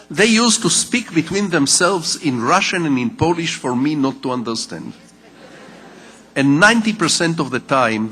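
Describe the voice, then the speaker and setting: A man's voice: on the high side, pushed and bright. Older man lecturing in a reverberant hall. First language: Hebrew. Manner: measured, wry, deliberate pauses. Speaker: lecturing novelist. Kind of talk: public lecture, personal storytelling. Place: conference hall.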